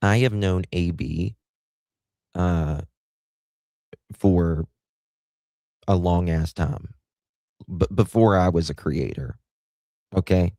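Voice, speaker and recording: A man's voice: deep voice, slow pace, pauses often, dark tone, no room sound. A man hosting a livestream, giving blunt, crude, rambling commentary. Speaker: livestream host.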